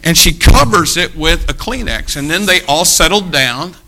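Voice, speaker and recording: Casting note: male preacher, gravelly and bright, slightly high, animated storyteller. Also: moderate pace. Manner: animated anecdote with acted quotes, laughing at himself. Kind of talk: storytelling sermon.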